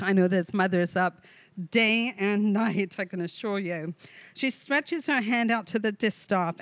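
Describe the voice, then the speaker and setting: Woman leading a women's Bible study, earnest, reads verses with warm asides, dry close mic. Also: medium pitch, dry recording. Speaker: women's ministry leader. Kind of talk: devotional Bible teaching to women. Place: online video session with a co-host.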